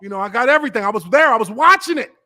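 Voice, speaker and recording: A man in his thirties who hosts a podcast and tells stories in a profane, animated way, acting out the voices he quotes. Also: extremely high pitch, very fast. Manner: profane, acts out quoted voices, laughs often. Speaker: podcast host and former NFL lineman. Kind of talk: animated storytelling, casual chat.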